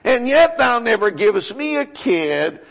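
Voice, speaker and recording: A man's voice: very high voice, sing-song, measured pace, vocal fry, a bit bright, pitched above the performer's own voice, heavily acted, low-quality recording. A man voicing a whiny, self-pitying elder brother who bellyaches about his hard lot. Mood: whining. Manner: whining, bellyaching.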